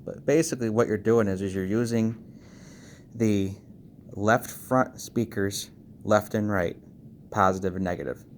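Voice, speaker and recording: Fast-talking man explaining car amp wiring. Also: on the low side, steady tone, a little hiss or hum. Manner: talks fast, checks in with frequent okays. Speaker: car audio installer giving a tutorial. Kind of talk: casual screen-recorded how-to walkthrough.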